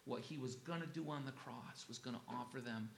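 A man preaching a sermon in an earnest, halting way, with pauses and restarts. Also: medium pitch, creaky, in a large hall, a little hiss or hum. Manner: earnest, halting, gets emotional and softens. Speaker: pastor.

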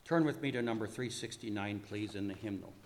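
A male pastor reading a dramatic sermon in measured, dramatic tones, in a church sanctuary. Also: lowish voice, slight background noise. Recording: long church reverb.

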